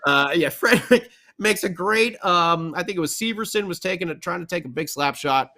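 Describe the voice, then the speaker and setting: Excitable man rambling through a hockey recap. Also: high-pitched, fairly quick. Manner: excitable, rambling, animated storytelling. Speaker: podcast co-host. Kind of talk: casual hockey recap chat.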